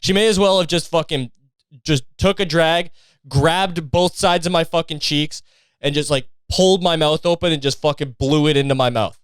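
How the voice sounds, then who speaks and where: Canadian guy ranting on his podcast, swears a ton, smooth clear voice, kinda high, dry close mic. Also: moderate pace, no echo. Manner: profane, animated, rambling. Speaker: podcast host. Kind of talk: casual ranting monologue. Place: outdoors in a street after a match.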